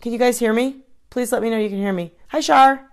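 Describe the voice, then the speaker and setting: A woman's voice: fairly high pitch, a little fast. A woman coach giving an informal live-streamed talk, chatty, with many restarts and asides to her viewers. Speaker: triathlon coach.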